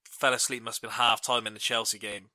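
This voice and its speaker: A young man tells funny stories on a casual podcast. His voice is very bright, recorded dry and close. He laughs a lot and livens up when quoting people. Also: medium pitch, brisk, no room sound. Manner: laughing storyteller, animated in quoted bits. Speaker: podcast co-host. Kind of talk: casual chat.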